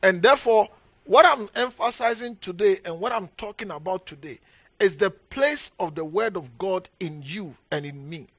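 A male bishop delivers an emphatic sermon, driving home each point by repeating it and punctuating it with hallelujah. His voice sits high for a man. The recording is dry and close, with no room echo. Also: moderate pace. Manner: emphatic, repeats key phrases, frequent hallelujahs. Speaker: bishop preaching.

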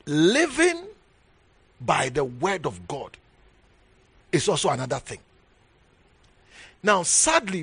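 A man preaching a sermon as bishop, emphatic, repeating key phrases and swinging from low murmurs to raised exhortation. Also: wildly swooping pitch, slow, vocal fry, long pauses, fairly bright tone, husky.

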